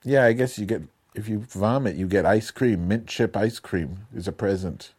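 A man with a lowish voice tells a meandering story and keeps dropping profanity along the way. He sounds casual and self-deprecating, like he's chatting with a friend on a podcast. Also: moderate pace, a little mellow, slightly rough. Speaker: podcast co-host. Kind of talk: crude casual chat.

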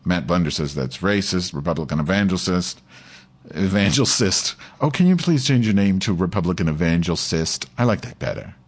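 Hosting a live call-in podcast, this man rants to his listeners in a crude, profane way. His voice is low, with lively intonation and a normal speaking speed.

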